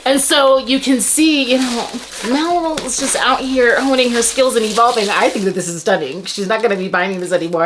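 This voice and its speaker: A woman's voice: fairly high pitch, moderate pace, fairly bright tone, slight background noise. A young adult woman vlogging as she unboxes book mail, gushing with breathless exclamations and stumbling over her words. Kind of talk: excited unboxing chat.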